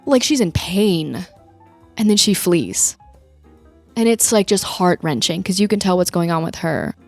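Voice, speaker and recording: A young woman with a lowish voice talks through a movie in a relaxed podcast chat. She retells the scenes with animated energy. Soft music plays faintly underneath. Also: measured pace, vocal fry, no room sound. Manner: animated retelling with acted-out quotes. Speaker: podcast co-host. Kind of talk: casual movie-review chat.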